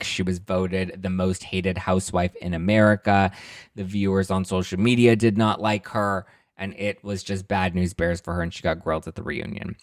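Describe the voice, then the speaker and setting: Campy gossiping man, low dry voice. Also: no room sound. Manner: campy, animated, acts out quotes in mimicking voices. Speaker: podcast host recapping a book. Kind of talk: casual gossip chat.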